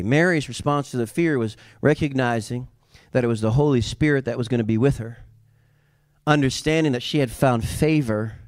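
A man with a Southern US accent preaching a sermon with passion, swinging from loud cries to hushed intensity and calling on the congregation to repeat after him. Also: mid-range voice, dry recording, clean studio sound. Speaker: pastor.

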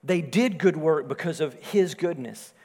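A man preaching a sermon, swelling louder on his points and dropping soft and low on key phrases. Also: expressive, unhurried, slightly rough. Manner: rises in volume for emphasis, drops low and soft on key phrases. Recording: long hall reverb.

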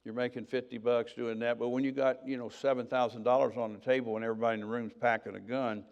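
A man's voice: medium pitch, little pitch movement, fast, creaky, muffled recording. Older man telling his testimony. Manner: conversational storytelling, acting out quoted dialogue. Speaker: preacher. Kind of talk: sermon testimony.

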